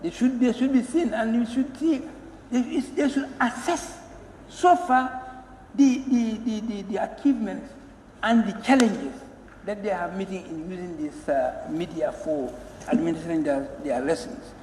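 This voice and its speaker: A man delivers a parliamentary floor speech in a strikingly high voice. He pleads earnestly, leaning on repeated words for emphasis. The chamber is roomy, with a long reverb and a faint background hum. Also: measured pace, darkish tone. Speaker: member of parliament.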